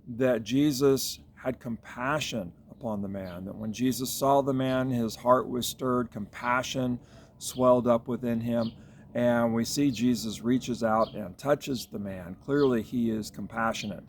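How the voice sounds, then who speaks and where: A man's voice: mid-range voice, measured pace, slight background noise. A man giving a devotional Bible reflection as a pastor, thinking aloud in a reflective way with fillers and restarts.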